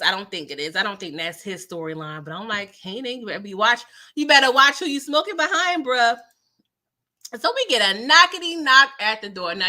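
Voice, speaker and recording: A woman runs a casual live recap in a high, very bright voice. She talks in an animated, chatty way, with a lot of pitch movement, laughs often, and keeps tossing in "okay?" to her viewers. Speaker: TV show recapper.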